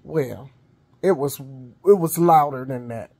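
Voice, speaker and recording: Her voice sits extremely low and she takes things slowly, with background noise behind her. This middle-aged woman tells stories in a chatty vlog, wheezing and coughing along the way and addressing viewers as honey and y'all.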